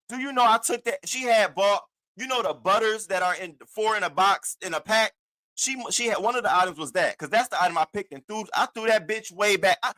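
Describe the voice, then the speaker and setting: A man with a fairly high, bright, forceful voice tells a story on a casual livestream. He swears freely and talks with big animated energy. He acts out the other people in the story as he goes. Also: fairly quick. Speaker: host of an online news show.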